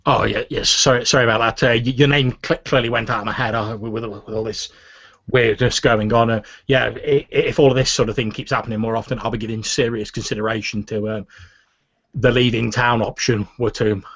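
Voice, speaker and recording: Man doing a stammering, apologetic guard, husky and a bit raised. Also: medium pitch, fairly even intonation, a little fast, fairly bright tone, dry recording. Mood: candid. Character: nervous, stammering young male town guard. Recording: muffled lo-fi recording.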